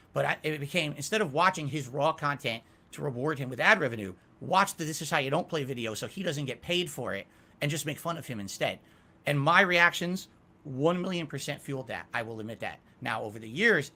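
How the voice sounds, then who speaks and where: A man's voice: mid-range voice, sharp tone. A middle-aged man answering interview questions candidly, emphatic and self-critical about his past. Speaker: interview guest.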